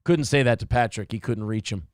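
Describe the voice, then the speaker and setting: A man's voice: mid-range voice, fairly quick, no echo, clean studio sound. A man hosting a morning show, giving crude, mocking commentary over video clips, getting worked up.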